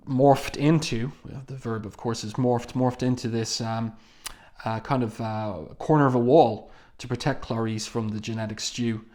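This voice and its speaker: A man talks through a comic issue panel by panel in an unhurried, reflective tone. His voice sits at an ordinary middle pitch, and he often stops to gather his thoughts before he continues. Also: darkish tone. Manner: measured, reflective, pausing often to find words. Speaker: comic book reviewer. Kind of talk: casual page-by-page commentary.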